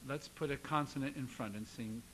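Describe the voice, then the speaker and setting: A man teaching a singing lesson, coaching a student with lively encouragement and sung demonstrations. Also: mid-range voice, brisk, slight background noise, low-quality recording.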